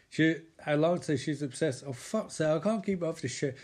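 Male comic, rambling sweary recap, slightly high voice. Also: expressive, a little fast, few pauses, a little mellow. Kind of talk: comedic episode recap.

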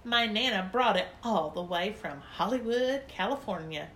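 A woman voicing a bossy, prissy little girl who scolds in a shrill, prim voice. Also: animated, normal speed, a bit bright, slight background noise, natural voice.

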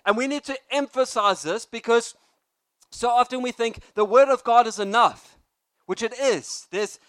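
A young adult man preaching a sermon with energy and humor, rising to loud emphasis on key points and chatting with the congregation. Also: extremely high pitch, moderate pace, smooth, no room sound.

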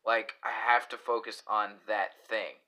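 A man with a Boston accent co-hosting a casual podcast, talking haltingly and leaning on the filler "like". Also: on the low side, steady tone, bright, forceful tone. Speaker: podcast co-host.

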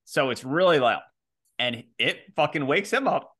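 A young man casually telling a funny story, animated and full of fillers and laughs. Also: a little high, moderate pace. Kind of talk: casual chat.

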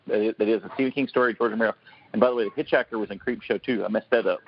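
A man in his forties on a casual podcast panel speaks very fast in a lowish voice, eagerly telling stories and voicing the people he quotes. The dull, lo-fi recording carries a little hiss or hum.

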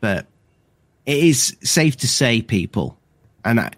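A man's voice: mid-range voice, very animated, takes it slowly, no room sound. A man co-hosting a casual livestream chat, rambling and restarting his sentences often. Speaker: livestream co-host.

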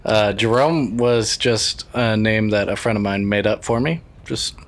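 A man's voice: lowish voice, unhurried. A young man telling casual stories among friends with dry, wry humor. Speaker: podcast co-host.

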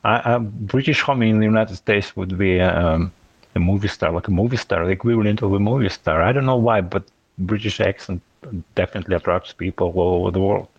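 A man co-hosting a podcast, chatting casually in a hesitant, halting and apologetic way. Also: low-pitched, vocal fry, husky, dry recording, muffled recording. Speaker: podcast co-host. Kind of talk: casual chat.

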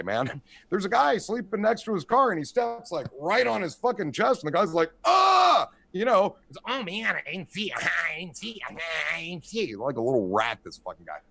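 A man's voice: fairly high pitch, vocal fry. A man in his forties telling rambling, profane stories in casual chat, acting out the people in them. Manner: rambling, profane storyteller, animated voices in quotes. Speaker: podcast host.

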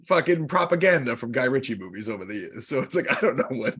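A man's voice: medium pitch, sing-song, fast, a bit bright, husky. An American man hosting a podcast, chatting casually and enthusiastically with a guest, now and then swearing. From United States. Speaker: podcast host.

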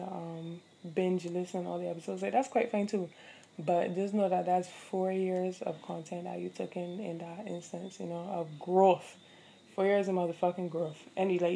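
A woman's voice: lowish voice, vocal fry, warm tone, breathy edge. Profane, chatty young woman podcaster. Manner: candid, profane, chatty with many fillers. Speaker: podcast host. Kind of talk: casual solo podcast storytelling.

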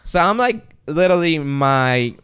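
A man hosting a podcast in casual chat, telling an animated story full of swearing and acted-out voices. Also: on the high side, measured pace, heavy background noise. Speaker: podcast host.

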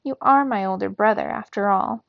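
A woman voicing an excitable, insistent young female mouse in a read-aloud storybook. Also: normal speed, gravelly, dry recording, lightly acted. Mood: coaxing. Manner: squeaky, insistent. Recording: dull, lo-fi, dry.

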